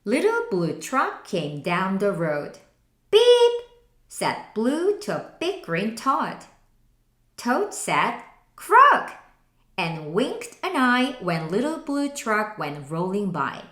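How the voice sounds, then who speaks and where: A woman teacher reading a picture book aloud slowly, in an expressive sing-song way. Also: mid-range voice, reverberant. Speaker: English teacher.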